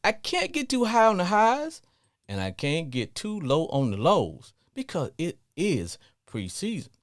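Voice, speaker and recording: Animated Southern man hosting sports radio. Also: on the high side, a little slow, no room sound, studio quality. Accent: Southern US, Louisiana. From Louisiana. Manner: animated, sing-song, laughs often. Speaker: radio talk show host. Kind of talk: call-in sports talk.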